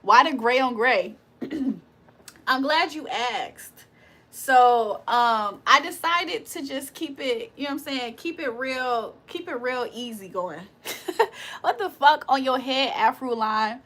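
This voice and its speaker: High-voiced woman hosting a rowdy livestream. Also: expressive, takes it slowly, a bit bright. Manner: playful, laughs often, swears freely, mock-preacher teasing. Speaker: livestream host. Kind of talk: casual live-stream chat, reading the chat aloud.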